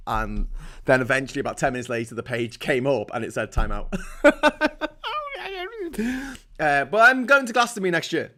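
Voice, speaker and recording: This man, speaking with a Liverpool (Scouse) accent, has a medium-pitched, animated voice with a sharp tone, a normal pace, and frequent pauses. Hosting a laid-back livestream, he reads comments from viewers and rambles through blunt, profane reactions.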